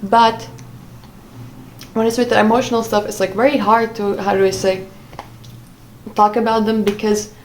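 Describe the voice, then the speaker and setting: A woman's voice: mid-range voice, fairly even intonation, normal speed, long pauses, slight background noise, rough recording. A woman telling a personal story in a vlog, talking hesitantly with many fillers and restarts. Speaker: vlogger.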